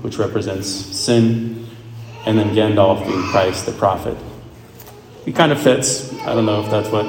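A man's voice: fairly low pitch, a little mellow, a little hiss or hum. A man, a Catholic priest, giving a conversational homily with asides and self-corrections. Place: church. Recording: echoey church with long reverb.

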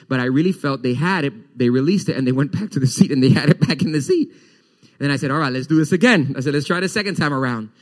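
A man preaching a Sunday sermon as pastor, animated, repeating words and voicing the congregation's questions. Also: a little high.

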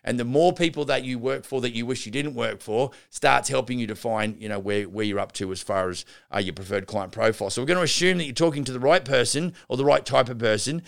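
A renovation business coach hosting a podcast talks quickly and barely pauses, his medium-pitched voice showing vocal fry. He rambles casually through his teaching for contractors, restarting sentences, veering into asides, and greeting listeners as guys and gals.

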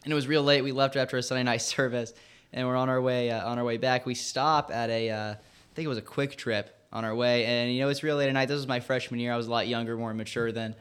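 A man's voice: mid-range voice, steady tone, fast, a bit bright, smooth. A young man, a guest on an interview, telling a story and laughing now and then.

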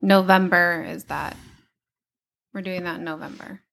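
A woman's voice: fairly low pitch, fairly even intonation, measured pace, vocal fry, fairly bright tone. A woman in her thirties co-hosting a casual podcast chat with her husband, blunt and teasing. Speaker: podcast co-host.

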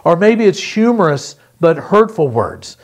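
A middle-aged man delivers a pre-recorded sermon with a voice pitched a little above most men's. He is earnest and emphatic and often slows to repeat a key phrase. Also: sing-song. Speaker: pastor.

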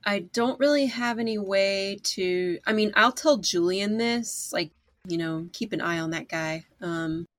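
A woman's voice: mid-range voice, unhurried, a bit bright, no room sound. A woman playing a tabletop game, casual and hesitant, thinking aloud. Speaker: player.

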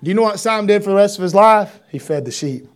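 High-voiced animated male preacher. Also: fast. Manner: animated preaching, reading scripture in King James wording, rising to shouts. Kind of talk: sermon.

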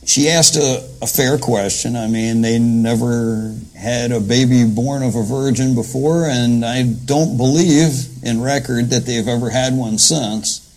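A man gives a casual, folksy sermon with a gravelly, husky voice. He retells scripture in plain everyday words and keeps his pitch in a middle range. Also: a little slow, hardly any pauses, darkish tone, rough recording. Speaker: preacher. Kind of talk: conversational sermon.

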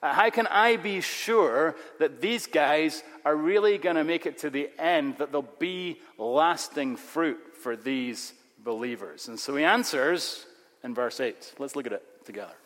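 A male pastor preaching a sermon, emphatic, with sudden loud rises on key words. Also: fairly high pitch, unhurried. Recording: long reverb of a large hall.

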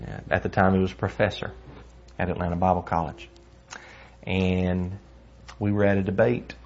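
A man's voice: fairly low pitch, darkish tone. A man teaching a Bible lesson in an earnest, conversational way, telling personal stories along the way. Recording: dull lo-fi recording.

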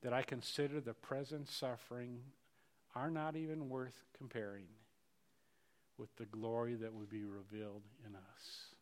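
A middle-aged male pastor preaching a sermon earnestly, repeating words and swinging between loud rises and quiet passages. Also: mid-range voice, little pitch movement, measured pace.

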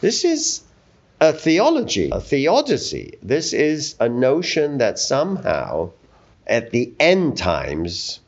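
A man teaching a Torah text in a study discussion, telling stories with animated acted-out voices. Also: medium pitch, slow pace. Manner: animated storytelling, acts out quoted voices. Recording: dull lo-fi recording.

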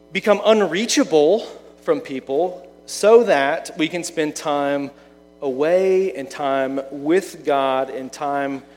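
Conversational male pastor, echoing hall. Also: a little high. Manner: conversational preaching with rhetorical questions. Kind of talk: sermon.

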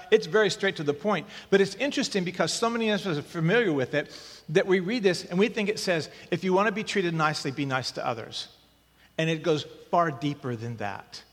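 A man's voice: high-pitched, a bit bright. A man preaching a sermon as pastor, conversational and then emphatic with repeated short lines. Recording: long reverb of a hall.

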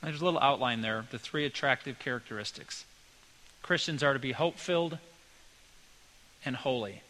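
A man's voice: medium pitch, moderate pace, bright, forceful tone, poor audio. A male pastor giving a sermon in a folksy, conversational way, weaving personal stories into his teaching.

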